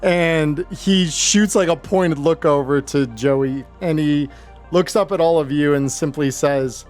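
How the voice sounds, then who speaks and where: A man narrating a tabletop role-playing game as game master, with relaxed phrasing and frequent fillers. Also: on the high side, a little slow, soft background music.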